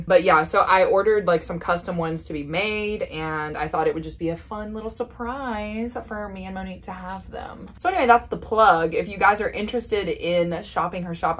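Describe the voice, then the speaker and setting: A young woman with a slightly low voice talks through a book haul in a loose, rambling way. She fills her sentences with "like" and trails off mid-thought. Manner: chatty, rambling with many fillers. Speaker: book vlogger co-host. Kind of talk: casual chat.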